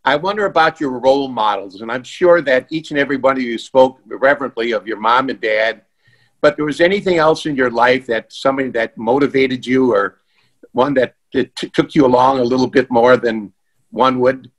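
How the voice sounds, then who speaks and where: A man's voice: mid-range voice, normal speed. A man on a panel asking earnest, reflective questions and sharing memories over a video call. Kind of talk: casual panel chat.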